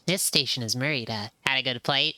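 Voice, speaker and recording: A woman's voice: extremely low pitch, a little fast, sharp tone, no echo. A woman streamer giving chatty, easily delighted commentary while playing a game. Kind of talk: casual gameplay commentary.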